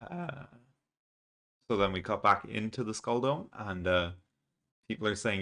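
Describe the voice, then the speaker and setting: A man's voice: on the low side, unhurried, creaky, long pauses, a bit bright. A man hosting a reaction video, casually recapping a comic chapter and thinking aloud, reading the dialogue out plainly. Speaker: manga reaction video host.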